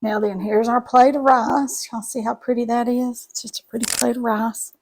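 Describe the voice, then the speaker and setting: A woman's voice: on the high side, steady tone, normal speed, background noise. A middle-aged woman, chatting folksily to viewers while cooking in her home kitchen. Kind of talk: casual cooking chat to camera.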